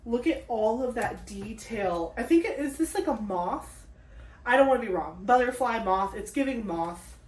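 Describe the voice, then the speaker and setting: A young woman chats through a craft unboxing, gushing and excitable, full of likes and little gasps. Her voice sits a touch high. The sound is roomy and echoey, picked up from a few feet away. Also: moderate pace. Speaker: crafting vlogger. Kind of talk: casual unboxing chat. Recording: echoey room, mic at a distance.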